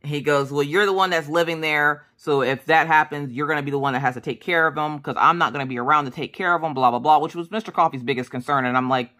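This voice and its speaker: A middle-aged woman telling a personal story in a casual, animated way, acting out what people said. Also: quick pace, few pauses. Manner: chatty, animated, acts out quotes in a high voice. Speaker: crafting vlogger.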